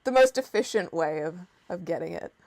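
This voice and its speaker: A woman's voice: on the low side, animated, brisk, heavy background noise. A woman hosting a podcast, asking questions and relating with her own experience. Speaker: podcast host. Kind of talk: casual interview chat.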